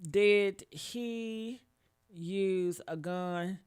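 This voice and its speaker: A woman's voice: on the high side, animated, unhurried, a bit bright. A woman in her fifties giving casual live commentary on a crime case, blunt and profane, talking straight to her viewers. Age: 50s. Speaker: commentary vlogger.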